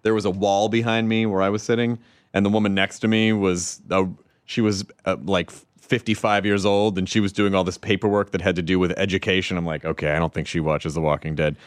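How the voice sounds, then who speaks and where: A man from the American South hosting a casual chat, animated and quick to laugh. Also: sits low, clear, resonant tone, dry recording, clean studio sound.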